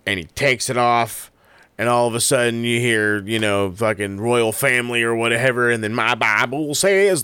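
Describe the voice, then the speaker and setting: A man's voice: medium pitch, fairly bright tone, clean tone, dry recording. Profane, rambling wrestling commentator man. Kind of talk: casual solo commentary.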